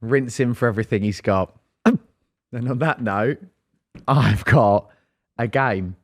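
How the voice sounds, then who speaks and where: A man's voice: medium pitch, takes it slowly, dry recording, studio quality. A young man co-hosting a podcast in easygoing, casual chat, reading out listener questions and swearing now and then. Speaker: podcast co-host.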